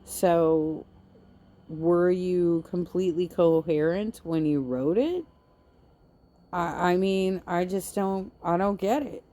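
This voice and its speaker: A woman's voice: on the low side, slow, mellow. A woman hosting a livestream, commenting on online drama in a blunt, sarcastic way and swearing freely. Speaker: livestream host.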